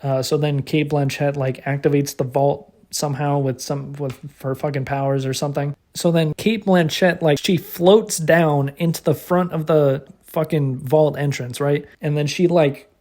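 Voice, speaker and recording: A man's voice: a little high, fairly even intonation, moderate pace, few pauses, a little mellow. A man casually recapping a movie he watched, cursing often and rambling with lots of restarts and fillers. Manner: laughs while retelling. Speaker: movie reviewer.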